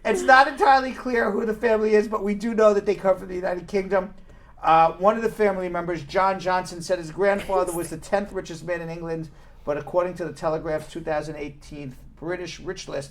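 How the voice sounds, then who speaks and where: A man's voice: high-pitched, fairly quick, slight background noise. A man hosting a talk show, telling news stories in a casual, laughing way. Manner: laughing, animated storytelling. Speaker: show host.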